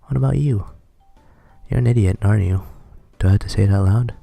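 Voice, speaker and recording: A man reading a visual novel aloud in a dry, deadpan way. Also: on the low side, rapid-fire, gravelly, soft background music. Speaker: game reader.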